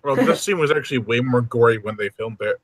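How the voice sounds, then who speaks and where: A man's voice: mid-range voice, lively intonation, fast, poor audio. A man co-hosting a casual watch-along chat, cracking jokes and laughing along. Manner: joking, wisecracking. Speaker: co-host.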